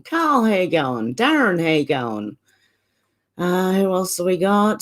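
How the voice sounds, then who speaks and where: At home beside a filing cabinet, a channel host runs a casual livestream chat, laughing often and greeting viewers by name. She has an Australian accent and a smoker's cough, and her mid-range voice is very animated but slow.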